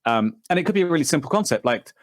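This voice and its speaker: An English man with a lively, swooping voice chats on a podcast, poking fun at his co-hosts. His sound is close and dry, with no room around it. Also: a little high, rapid-fire, dry recording. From England. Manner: teasing, animated, clears throat often. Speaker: podcast co-host. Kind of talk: casual podcast chat.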